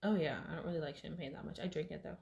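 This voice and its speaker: A woman's voice: deep voice, racing, gravelly, darkish tone. A woman co-hosting a casual chat, teasing and sarcastic, laughing often. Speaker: podcast co-host. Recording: echoey room.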